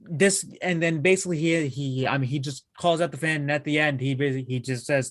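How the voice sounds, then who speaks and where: A man co-hosting a wrestling show in casual chat, excitable and swearing freely, often restarting his sentences. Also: on the high side, brisk, hardly any pauses, no echo, clean studio sound. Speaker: wrestling podcast co-host.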